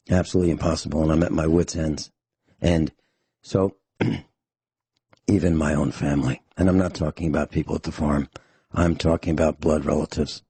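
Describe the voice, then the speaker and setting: A hoarse, out-of-breath man hosting a talk radio show, speaking bluntly and angrily in an emphatic monologue. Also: extremely low pitch, warm tone, dry recording.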